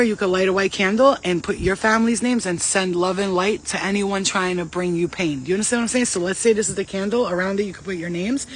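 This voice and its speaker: A woman giving casual spiritual advice as a vlogger, blunt and profane, telling stories in an animated way. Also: medium pitch. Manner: blunt, profane, streetwise talk; animated storytelling.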